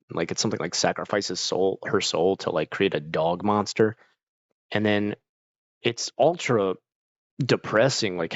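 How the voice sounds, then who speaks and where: Rambling low-voiced man with hiccups. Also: no room sound, dull audio. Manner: rambling, full of "like" fillers. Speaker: streamer chatting with viewers. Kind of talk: casual chat.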